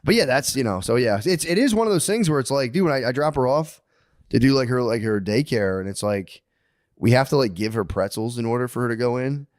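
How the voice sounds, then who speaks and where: A man's voice: medium pitch, animated, fairly quick, no echo, studio quality. A father telling profane, rambling anecdotes about his young daughter in casual podcast chat.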